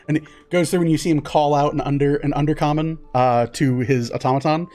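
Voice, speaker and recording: A man's voice: on the high side, fairly even intonation, a little fast, a little mellow. A man narrating as game master of a tabletop game, rambling with many fillers.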